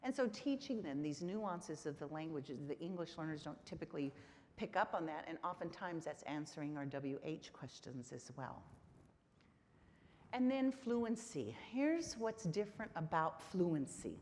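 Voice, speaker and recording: A woman presenting at a conference, her lower-pitched voice carrying through a reverberant hall. She keeps the audience engaged, checking in with "right?" as she teaches. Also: very animated, unhurried, darkish tone, slight background noise. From Texas. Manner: engaging, frequent "right?" tag questions to audience. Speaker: conference presenter on literacy instruction. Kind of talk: conference lecture.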